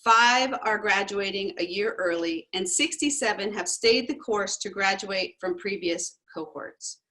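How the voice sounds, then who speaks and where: A woman principal reads out a formal graduation address and steps through numbers in a measured, even way. Her voice sits at a middle pitch. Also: low-quality recording. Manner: measured, formal reading of figures. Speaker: high school principal.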